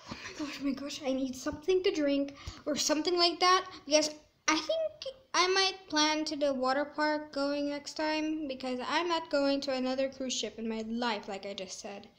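A woman giving chatty gameplay commentary, squeamish and quick to exclaim in disgust. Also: high voice, a bit bright. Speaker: gaming video creator.

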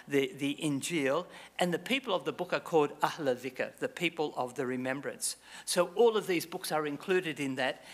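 Male lecturer spinning a story, slightly high voice, voices his characters with bold pitch swings. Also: a bit bright. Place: lecture hall.

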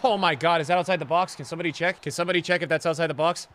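A man streaming live gameplay commentary, sarcastic and bantering and often yelling at the game. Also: fairly high pitch, fairly even intonation, racing. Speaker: gaming streamer.

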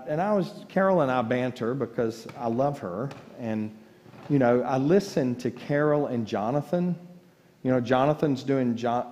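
A man preaches a sermon from the pulpit, folksy and joking as he tells stories to his congregation. His voice sits at a middle pitch and carries a long reverb from a large church sanctuary, as heard on a church livestream. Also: mellow. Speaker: pastor.

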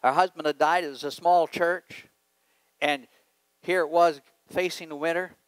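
A man preaching a sermon as a guest speaker, telling stories and swinging from quiet, low passages to loud emphatic points. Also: fairly even intonation, normal speed, no echo, low-quality recording.

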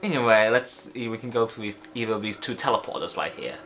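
Young man, let's play host, lively bright voice with low pitch, meandering excitable commentary. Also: fast talker, a little hiss or hum. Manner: rambling, chatty, excitable, with frequent restarts. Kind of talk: casual gameplay commentary.

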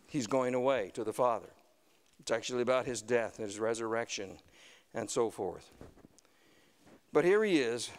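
A male pastor preaching a sermon, moving between loud emphatic lines and quiet asides, and reading scripture slowly. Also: medium pitch. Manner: reads scripture slowly in old-fashioned wording. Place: church sanctuary. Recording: long church hall reverb.

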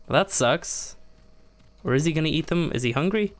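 A man's voice: lively intonation, normal speed. A man commentating a survival game playthrough, talking himself through each step and getting exasperated when things go wrong. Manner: exasperated, self-narrating, laughing at mishaps; jumps much higher in pitch when upset. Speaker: gaming YouTuber. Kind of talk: let's play commentary.

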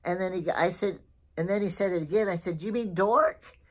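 A middle-aged woman with a notably low voice talks through her shopping haul in a loose, chatty way. She drifts from one story to the next and loses her thread along the way. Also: steady tone, brisk, warm tone. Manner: rambling, digressive storytelling. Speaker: lifestyle vlogger. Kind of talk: casual shopping haul chat.

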